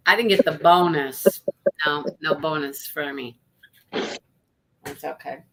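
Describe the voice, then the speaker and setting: Female host of a casual live book chat; slow, easy delivery, greets viewers by name. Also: low voice, a bit bright.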